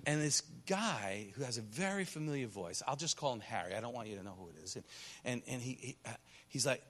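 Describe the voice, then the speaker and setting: A missionary pastor speaking to a congregation on a church stage, telling stories and acting out the voices of the people in them. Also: male voice, mid-range voice, brisk. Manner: animated storytelling, acts out quoted voices. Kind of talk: sermon testimony to a congregation. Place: church stage under lights.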